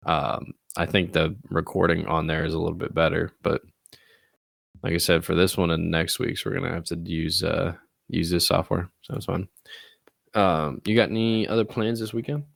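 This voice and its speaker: A young man with a deep, gravelly voice, chatting loosely and teasing his co-host between fillers and restarts. The sound is close and dry, recorded through call software. He rambles, pokes fun, and keeps the talk easygoing. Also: steady tone, normal speed, no echo. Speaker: podcast co-host. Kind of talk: casual chat. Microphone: remote call recording software.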